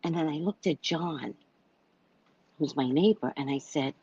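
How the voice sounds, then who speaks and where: A woman's voice: low-pitched, unhurried, long pauses, warm tone, slightly rough, muffled recording. A woman telling a personal story in a casual monologue, blunt and swearing freely as she acts out a heated argument. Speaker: psychic reader sharing a personal story.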